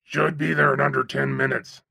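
A man putting on a raspy, gravelly chain-smoking cabbie. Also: mid-range voice, level tone, moderate pace, bright, forceful tone, no echo, clean studio sound, voice pushed down, full character voice. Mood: folksy chatter. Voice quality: raspy, phlegmy. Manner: chatty, folksy, drawling. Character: gregarious overweight chain-smoking male cab driver. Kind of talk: audiobook character voice.

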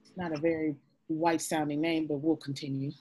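A woman co-hosting a podcast in casual chat, lively and laughing, getting loud when excited. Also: low-pitched, a little fast, slightly rough. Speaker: podcast co-host.

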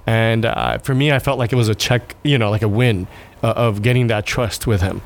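A man in his thirties, a guest in an interview, talking earnestly and haltingly, with frequent laughs and restarts. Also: on the low side, steady tone. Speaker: guest, restaurant owner and father. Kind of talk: conversational interview.

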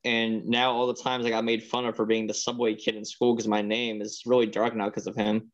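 A man's voice: lowish voice, monotone, a little fast. A man co-hosting a casual movie podcast, rambling and laid-back with some swearing. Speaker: podcast co-host. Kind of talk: casual chat. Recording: slightly dull lo-fi sound.

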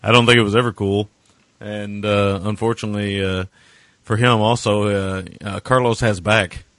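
A man with a lowish voice chats casually about a bad film, speaking in loose, sarcastic asides full of filler words. The recording is close and dry, with no room sound. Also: steady tone, moderate pace, a bit bright, no room sound. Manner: sarcastic, rambling with many fillers. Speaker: podcast co-host. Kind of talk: casual movie review chat.

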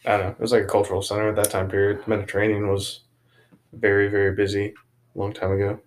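A man's voice: fairly low pitch, monotone, fast, a little hiss or hum. A young man in casual podcast chat, blunt and edgy, tossing out jokes and trivia.

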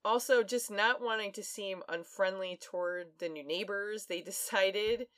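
A woman's voice: mid-range voice, unhurried, fairly bright tone, no room sound. A woman co-hosting a podcast, casually retelling a true-crime story with plenty of fillers and laughs. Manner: chatty, laughs often, many fillers. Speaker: podcast co-host.

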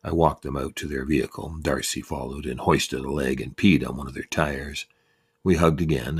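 A man telling a first-person story in a wry, unhurried way. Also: very deep voice, husky.

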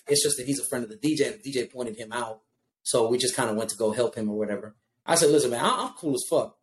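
A young adult man, host of a casual chat, telling a profane, animated story with lots of fillers. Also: mid-range voice, reverberant. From Houston, Texas.

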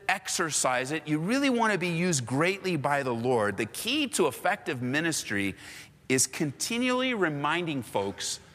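Lively male preacher, bright, forceful delivery, long hall reverb behind him. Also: mid-range voice. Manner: animated, conversational, storytelling. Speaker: pastor. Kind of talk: sermon.

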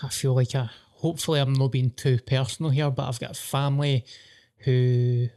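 A man's voice: mid-range voice, level tone, moderate pace, dark tone. A Scottish man in casual podcast chat, telling candid, sweary, jokey stories.

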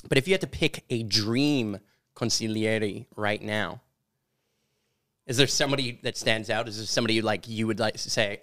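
A man's voice: fairly low pitch, moderate pace, a bit bright. Chatty male host, rambling casually. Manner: chatty, rambling with many fillers. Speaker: podcast host. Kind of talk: casual interview over hot wings.

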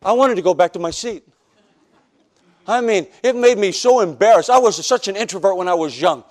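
Male pastor from the northern US, high-pitched, animated testimony preacher who jokes and acts out scenes. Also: fairly quick. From northern United States. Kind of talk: preaching a personal testimony sermon.

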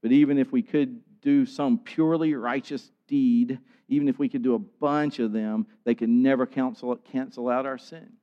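A man's voice: mid-range voice, steady tone, normal speed. A man preaching a sermon in an earnest way, building to emphatic peaks. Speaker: pastor. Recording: dull sound with long hall reverb.

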